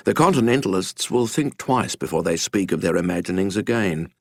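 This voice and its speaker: A man's voice: lowish voice, dry recording. A man narrating a scripted history story with a dramatic, wry storytelling manner, recorded in a studio.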